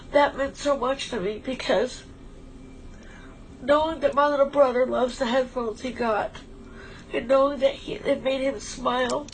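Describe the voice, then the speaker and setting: Stream co-host, woman, a bit high-pitched, emotional and rambling, heartfelt casual talk, faint hiss behind. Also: poor audio. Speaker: livestream co-host.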